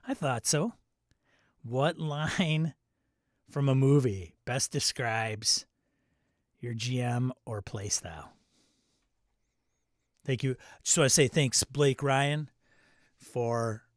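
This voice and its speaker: A man's voice: mid-range voice, no echo, clean studio sound. A man with a Midwestern American accent who hosts a casual livestream chat, joking, rambling and answering his chat. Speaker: host.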